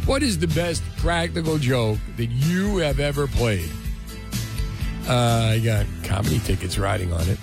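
An easygoing male radio host chats with callers and rolls through station and sponsor reads. His voice sits at an ordinary pitch. Music plays clearly underneath him. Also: expressive. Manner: easygoing, quick reactions, reads ads briskly. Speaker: radio talk show host. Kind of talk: call-in radio chat.

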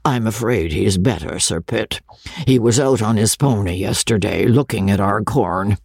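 A reader voicing a man who is an estate steward and speaks gravely and in measured phrases. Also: low-pitched, darkish tone, no echo, studio quality, pitched below the performer's own voice, full character voice. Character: dutiful male estate steward. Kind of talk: audiobook character voice.

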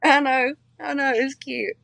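A woman's voice: sits high, fairly even intonation, normal speed, gravelly, fairly bright tone, no echo. Chatty woman with a strong regional accent. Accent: strong regional accent she shares with her family. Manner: chatty, many fillers and restarts, laughs easily. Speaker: interview guest, country singer. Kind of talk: casual interview chat.

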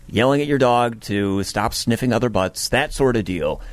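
A man's voice: mid-range voice, normal speed, dry recording. A man hosting a morning radio show, chatting with the weather presenter in a playful, musing way. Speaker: radio host.

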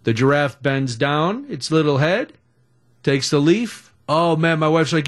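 A middle-aged man hosting a radio talk show, telling a story in a chatty, animated way. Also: a little high, unhurried. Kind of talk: casual storytelling.

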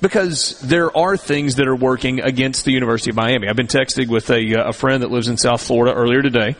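A man's voice: mid-range voice, fast, a bit bright. A middle-aged man hosting a sports talk show, talking casually at length and often repeating words as he starts a sentence. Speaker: sports radio host.

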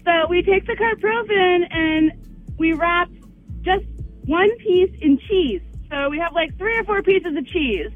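A woman's voice: extremely high pitch, measured pace, soft background music. A woman calling in to a radio show, chatting and giggling playfully over the phone. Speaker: caller. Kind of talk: casual phone chat. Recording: tinny phone line.

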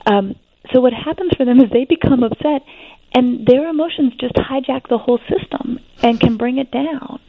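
A woman, a guest expert on adolescence, explaining teenage development in an interview in an animated, reassuring way with frequent fillers. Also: high-pitched, moderate pace, no echo. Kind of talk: interview conversation. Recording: tinny phone-line sound.

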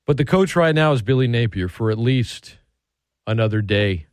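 A man's voice: mid-range voice, animated, normal speed, dry recording, studio quality. A man hosting a sports radio show, talking casually and chattily with frequent restarts and asides.

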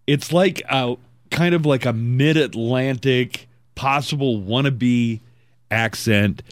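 A man's voice: mid-range voice, takes it slowly, dry recording. A man hosting a morning radio show, chatting wryly with co-hosts and reading an ad. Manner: wry, chatty, reads ad copy. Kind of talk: casual radio talk.

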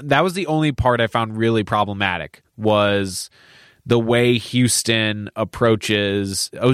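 A man's voice: on the low side, fairly bright tone, clear, resonant tone, no echo, studio quality. Man casually chatting about a film. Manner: conversational, many fillers and restarts, candid and profane. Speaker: podcast co-host.

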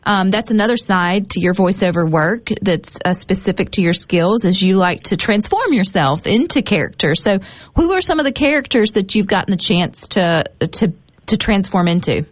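A woman's voice: mid-range voice, lively intonation, normal speed, no room sound. A woman hosting an interview in an upbeat, encouraging, somewhat rambling way. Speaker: host.

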